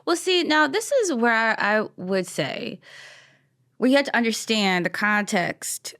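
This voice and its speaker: A woman co-hosting a podcast in casual chat, animated and opinionated, laughing often. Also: a little high, slow. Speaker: podcast co-host.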